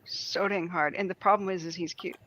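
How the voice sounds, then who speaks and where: A woman guest telling a story in casual chat, animated and laughing often as she talks. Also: on the low side, fairly quick.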